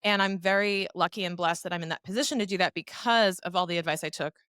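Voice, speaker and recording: A woman in her thirties, a finance professional guesting on a podcast, telling stories in a lively, chatty way. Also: on the low side, fast talker, clear, resonant tone, no echo, clean studio sound. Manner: animated storyteller who acts out quoted voices. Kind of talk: casual interview talk.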